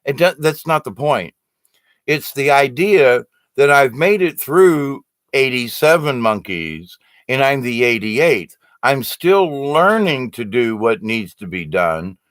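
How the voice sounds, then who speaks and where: A man's voice: medium pitch, big pitch swings, slow pace, a bit bright, dry recording. Earnest rambling man, dry close sound. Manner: rambling, earnest, with restarts and fillers. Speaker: livestream host reading viewer comments. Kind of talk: casual spiritual chat.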